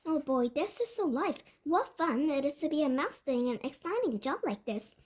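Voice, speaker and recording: A woman's voice: sits high, big pitch swings, moderate pace, darkish tone. A woman voicing a plucky boy-mouse. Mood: excited. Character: brave young boy turned mouse, excited and plucky.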